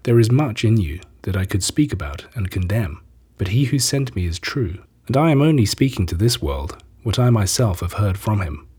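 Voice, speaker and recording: A man reading scripture, giving Jesus's lines in a measured, solemn way. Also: lowish voice, lively intonation, darkish tone, slightly rough. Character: Jesus, a calm, authoritative teacher, adult man.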